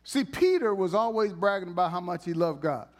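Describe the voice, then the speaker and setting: A man preaching a sermon in a church, conversational and teasing with the congregation, and swinging between loud emphasis and hushed tones. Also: high voice, expressive, a little fast.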